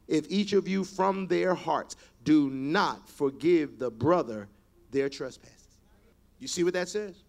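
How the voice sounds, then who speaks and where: A male preacher giving a sermon, reading scripture aloud and rising to loud, emphatic passages. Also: on the high side, creaky.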